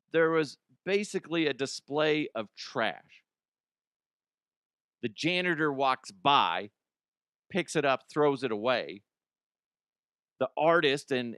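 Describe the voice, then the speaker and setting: A comedy podcast host with a mid-range, fairly bright, smooth voice riffs sarcastically on odd news stories. He swears freely and jumps into mocking voices, all in a dry, clean studio recording.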